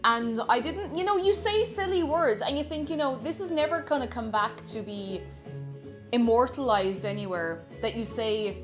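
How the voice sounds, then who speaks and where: A woman's voice: a little high, lively intonation, moderate pace, music in the background. A young Irish woman streaming from home, chatting casually and reading out viewer comments with frequent giggles and rambling asides.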